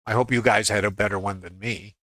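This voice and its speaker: A lowish, steady voice, a little fast and a bit bright, belongs to a middle-aged trading educator reviewing trades on a live screen share. He thinks aloud and quotes his inner voice along the way, with no room sound.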